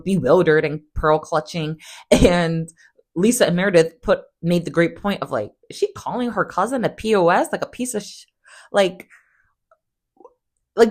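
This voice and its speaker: She is a woman hosting a casual recap in a fairly low voice. She is chatty and sarcastic, and she acts out other people's quotes in much higher voices. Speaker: recap host.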